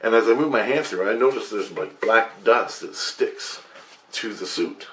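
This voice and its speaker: A man with a low voice recounts a strange personal experience in a loose, rambling way. He swears freely and gets excitable as he tells the story. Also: moderate pace, a little hiss or hum. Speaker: vlogger.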